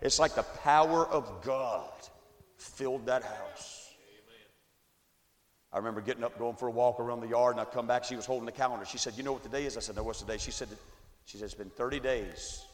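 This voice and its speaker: A man in his forties giving a testimony sermon, swinging from quiet storytelling to shouted climaxes, recorded in an echoey church hall. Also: mid-range voice, brisk. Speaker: evangelist. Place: church sanctuary.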